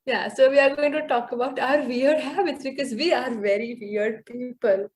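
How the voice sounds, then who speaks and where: Teen girl, teasing, fairly high pitch. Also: fairly even intonation, moderate pace, darkish tone. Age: teens. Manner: teasing, playful banter. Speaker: podcast co-host. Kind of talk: casual chat.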